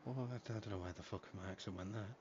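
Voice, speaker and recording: A man's voice: deep voice, quick pace, muffled recording, noisy background. A man casually streaming and commentating a sim racing league, cheeky and swearing constantly. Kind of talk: casual livestream chat. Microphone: headset.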